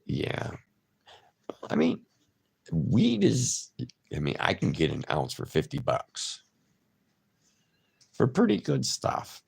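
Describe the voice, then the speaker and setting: A man with a deep, heavily gravelly voice talks slowly with his viewers on a livestream. His pitch swings widely as he reacts to their comments and calls them by name. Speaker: livestream host. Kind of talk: casual livestream chat.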